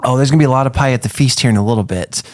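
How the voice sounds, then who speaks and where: A man's voice: mid-range voice, rapid-fire, a little mellow. A man narrating as game master in a chatty way, full of fillers. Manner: chatty, lots of "like" and "um".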